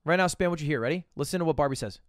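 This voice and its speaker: A young man streaming live, chatting casually with his viewers, animated and often swearing. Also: fairly high pitch, very fast, no echo. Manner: animated, swearing, talks to chat. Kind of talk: casual livestream chat.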